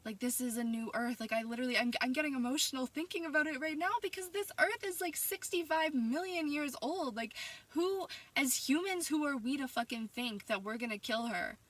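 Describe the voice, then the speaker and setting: A woman's voice: sits high, a little fast, fairly bright tone, recorded from a distance. A young woman from Canada vlogging, reading out hostile messages and answering them with sass, mockery and spiritual talk that builds into heated ranting. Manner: sassy, mocking and spiritual, rising into heated ranting.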